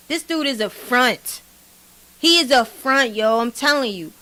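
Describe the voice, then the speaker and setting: A woman giving blunt, animated gossip commentary as a vlog host. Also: on the high side, a little slow. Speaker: commentary vlogger.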